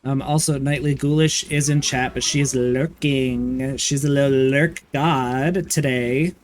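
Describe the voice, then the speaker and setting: A man chatting casually and campily while streaming a video game, with playful swearing and excited bursts. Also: mid-range voice, unhurried. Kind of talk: casual gaming livestream chat.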